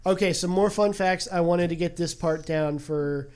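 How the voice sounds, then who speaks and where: A man's voice: on the high side, normal speed, clear, resonant tone. Casual man recapping a film. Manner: animated storytelling recap. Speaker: podcast host. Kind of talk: casual chat.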